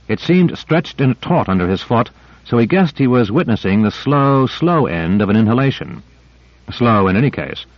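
Steady male audiobook narrator, dry sound. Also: lowish voice, no echo. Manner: steady, vivid storytelling. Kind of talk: scripted narration. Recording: dry, slightly dull lo-fi.

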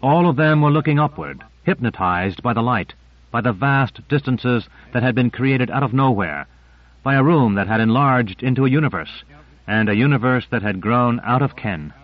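Male narrator for a novel, steady descriptive read, middle voice, dull lo-fi audio. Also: mid-range voice, normal speed. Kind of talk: scripted narration. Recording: muffled lo-fi recording.

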